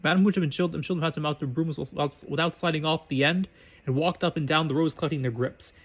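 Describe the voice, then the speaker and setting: Fast-reading man narrating a story. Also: a little high, fairly even intonation. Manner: stumbling, self-correcting reading. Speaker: reader. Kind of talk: reading fan fiction aloud.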